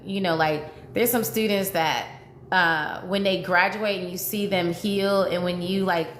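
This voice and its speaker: A woman's voice: on the low side, fairly even intonation, a little slow. Emotional woman dating coach, echoey room. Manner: emotional, repetitive, pleading. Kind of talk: livestream chat with viewers. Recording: echoey room with faint noise.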